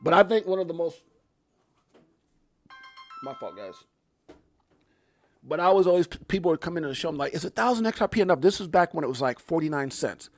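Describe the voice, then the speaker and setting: A man hosting a livestream, talking excitedly to his chat and repeating himself. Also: on the high side, moderate pace, pauses often. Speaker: livestream host.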